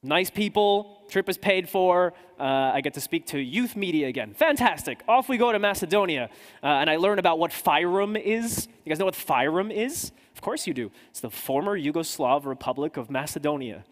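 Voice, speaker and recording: A man with a notably high voice tells stories in a loose, self-mocking way on a conference stage. His voice rings out through a large hall with a long reverb tail. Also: lively intonation, normal speed. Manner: chatty, self-mocking storytelling. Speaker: podcaster and journalist. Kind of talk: conference talk anecdote. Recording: echoey hall.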